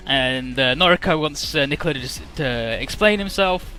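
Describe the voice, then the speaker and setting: A man's voice: mid-range voice, expressive, normal speed, hardly any pauses, pushed and bright, soft background music. Casual, swearing man recapping a game. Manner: casual, profane, filler-heavy. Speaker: game commentator. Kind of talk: casual let's play recap.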